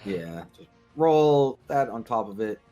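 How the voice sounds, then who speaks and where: Animated man reacting at the game table. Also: mid-range voice, measured pace, dull audio, over music. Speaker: player. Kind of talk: playing a tabletop game over a call.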